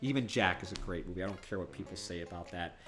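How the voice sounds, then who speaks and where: A male streamer giving live gameplay commentary, chatty and excitable, breaking into loud outbursts when things go wrong and thanking viewers warmly by name. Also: sits low, quick pace, over music.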